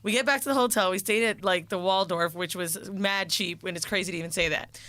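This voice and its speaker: A woman's voice: lowish voice, fairly quick, pushed and bright, no room sound. A woman co-hosting a podcast and telling a story in casual chat, frank and profane, acting out other people's lines. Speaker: podcast co-host.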